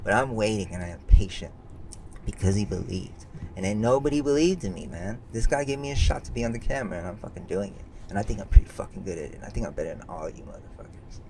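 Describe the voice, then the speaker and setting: A young podcast co-host with a lowish voice, talking with boastful, driven intensity. He swears heavily and, when reflective, drops into a quieter, brooding register. A faint hum sits under the recording. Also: animated, fast talker. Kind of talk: casual podcast chat.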